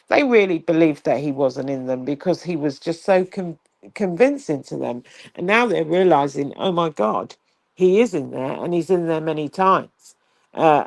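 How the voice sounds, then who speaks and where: A woman talks politics in a loose, rambling way, full of "um" and quick restarts. Her voice has a gravelly, creaky edge, and the sound is dry and close. She comes across as a relaxed co-host. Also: sits low, no room sound. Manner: chatty, restarts and filler, laughs easily. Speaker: co-host of a political talk show. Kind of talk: casual political commentary.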